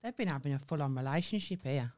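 A woman with a Birmingham accent chats on her podcast with a brash, sweary bluntness. Her voice sits on the low side yet leaps around animatedly as she talks. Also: lively intonation, a little mellow. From England. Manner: brash, sweary, quick to laugh. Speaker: podcast co-host. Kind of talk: casual chat.

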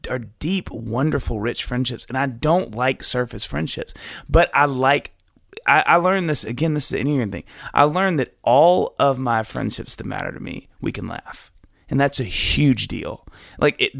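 A man's voice: mid-range voice, creaky, a bit bright, no room sound, clean studio sound. A middle-aged man chatting casually as an interview guest, rambling, restarting his sentences and often laughing. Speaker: podcast guest, musician.

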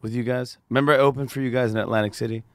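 Man, guest, casual chat, excited storyteller, acts out dialogue, mid pitch, dry. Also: very fast, no room sound.

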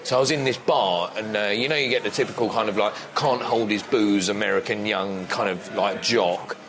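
A man with an English accent telling an animated dating anecdote with laughs. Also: fairly low pitch, normal speed, noisy background. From England. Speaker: dating guest.

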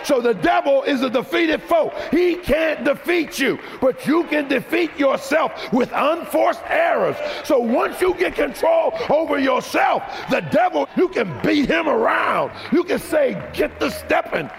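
A man preaching a sermon, building to shouted, rhythmic declarations. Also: very high-pitched, expressive, measured pace, vocal fry, hardly any pauses, a faint crowd, slight background noise. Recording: long hall reverb.

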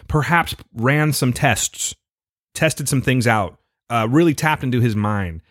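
Animated joking man on a dry mic. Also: mid-range voice, no room sound. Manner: joking, storytelling, swears casually. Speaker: podcast co-host. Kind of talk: casual podcast banter.

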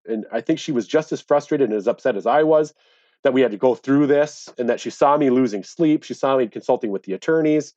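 A man's voice: medium pitch, brisk, darkish tone, dry recording. Man, earnest storyteller, indignant edge; dry, slightly dull recording. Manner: earnest, indignant when recounting. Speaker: interviewee, angler. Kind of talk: conversational storytelling.

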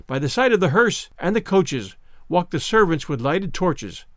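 A man narrating a classic story in a measured, expressive reading. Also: fairly high pitch, no room sound, clean studio sound. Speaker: audiobook narrator.

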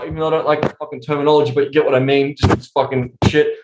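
A young adult man speaking as a coach in a casual podcast interview, swearing constantly as he tells animated stories. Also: fairly high pitch, racing, noisy background. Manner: profane, animated storytelling. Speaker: sex and intimacy coach, guest. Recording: roomy echo.

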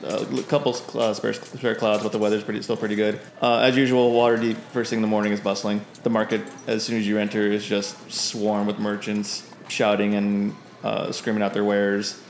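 Low-voiced guy game mastering, lots of uhs, roomy room with faint hiss. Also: flat delivery, brisk, few pauses. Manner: loose, hesitant narration with many fillers. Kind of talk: narrating a tabletop game.

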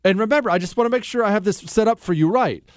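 A man's voice: high-pitched, rapid-fire, no room sound, clean studio sound. A man hosting a political talk radio show, sarcastic and mocking, often laughing at his own remarks. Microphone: studio microphone.

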